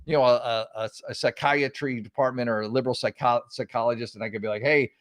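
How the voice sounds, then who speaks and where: A man's voice: medium pitch, fairly even intonation, quick pace, dry recording, studio quality. A man hosting a solo talk show, ranting in a mocking, sarcastic way with frequent restarts and stammers. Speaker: host. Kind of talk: solo political talk show, casual rant.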